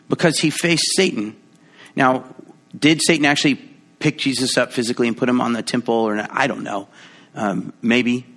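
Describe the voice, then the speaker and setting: A man preaching a sermon in a conversational, playful way, acting out quoted voices with big jumps in pitch. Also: moderate pace, vocal fry, a bit bright. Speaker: pastor.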